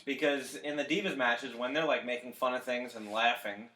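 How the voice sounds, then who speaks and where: A young man co-hosting a casual wrestling podcast, talking excitedly, cutting in and swearing now and then. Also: medium pitch, normal speed, reverberant, low-quality recording. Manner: animated, swears, jumps in excitedly. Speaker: podcast co-host.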